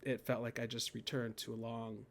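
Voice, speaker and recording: A man's voice: medium pitch, completely flat delivery, normal speed, creaky, slight background noise. Man, 30s, podcast guest; casual storyteller who laughs easily and acts out his inner voice. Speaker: guest, poet and death doula. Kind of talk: casual interview conversation.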